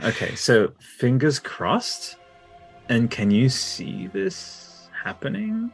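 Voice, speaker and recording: A man's voice: mid-range voice, very animated, slow pace, vocal fry, soft background music. A man co-hosting a casual podcast chat, joking and swearing casually. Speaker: podcast host and guest.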